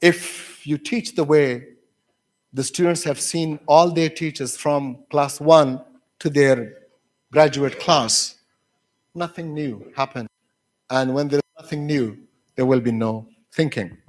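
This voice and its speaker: A man's voice: fairly high pitch, fairly even intonation, slow pace. A man lecturing university teachers, telling classroom stories with many fillers and restarts and acting out his students' voices. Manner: acts out students' voices when quoting.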